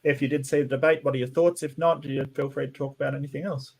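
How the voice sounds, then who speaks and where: Male host, casual online panel, hesitant and friendly, mid pitch. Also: fairly even intonation, fast, creaky, slightly rough.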